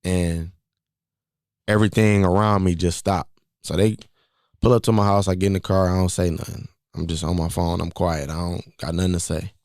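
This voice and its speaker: Young guy in his 20s, lowish voice, dry close sound, just talking through his own story real casual and repeating himself. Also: flat delivery, normal speed, darkish tone, no echo. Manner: casual, conversational, repeats phrases as he recounts. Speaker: podcast host. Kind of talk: personal storytelling monologue.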